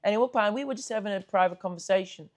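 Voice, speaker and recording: A man's voice: high-pitched, very fast. A man with an Australian accent, a comedian hosting a podcast, rambling through a casual anecdote. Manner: rambling anecdote with acted quotes. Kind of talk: casual storytelling chat.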